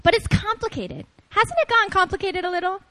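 A woman preaching at a prayer meeting, talking to the congregation in an animated, playful way and calling on them to respond. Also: extremely high pitch, a little fast, rough recording. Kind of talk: lively conversational sermon.

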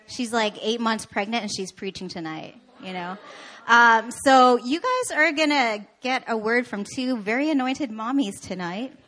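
A woman pastor from Canada preaching a sermon, telling personal stories in an animated, laughing, self-deprecating way. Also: a little high, unhurried.

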